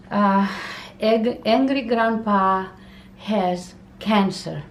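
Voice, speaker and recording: Halting woman, speaking slowly and repeating words; roomy recording with faint hiss. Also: medium pitch. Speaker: YouTuber's mother. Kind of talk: emotional casual talk to camera. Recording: roomy with faint background noise.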